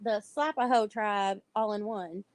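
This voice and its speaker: A middle-aged woman hosting a livestream over a video call, telling stories in a blunt, animated way and laughing often. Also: medium pitch, measured pace, no room sound, rough recording. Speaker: livestream host. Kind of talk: casual chat.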